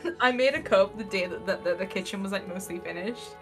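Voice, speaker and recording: A woman's voice: medium pitch, fairly quick, faint music behind. A young woman streamer chatting casually, telling a story with frequent laughs. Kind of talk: casual chat.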